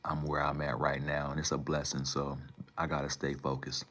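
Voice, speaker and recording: Man, very low voice, flat delivery, casual livestream rambling, slangy. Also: moderate pace. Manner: rambling, slangy, talks back to chat. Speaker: livestream host.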